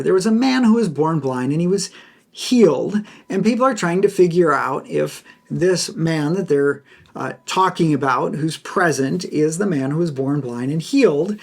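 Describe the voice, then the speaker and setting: A man hosting a Bible teaching podcast who explains a passage in a lecture style. He is emphatic, repeats key phrases and acts out quoted lines. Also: vocal fry. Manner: acts out quoted speech with bright pitch jumps.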